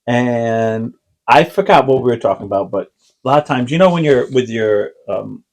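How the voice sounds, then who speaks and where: A man's voice: medium pitch, lively intonation, moderate pace, a little mellow, rough recording. Man, podcast co-host, casual storytelling, rambling, filler-heavy.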